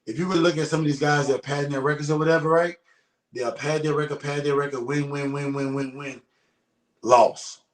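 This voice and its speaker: A brisk man with a slightly high voice and a steady tone answers interview questions casually. A retired professional boxer, he's blunt and emphatic and swears a lot; the room echoes.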